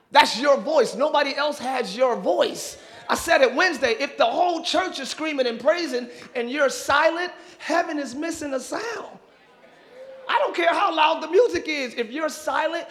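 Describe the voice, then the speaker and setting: A middle-aged man preaching a sermon in church as pastor. He moves from calm teaching to shouted, fervent preaching and breaks in with whoops and jokes for the congregation. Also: very high voice, moderate pace. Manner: interjects "woo" and jokes with the congregation.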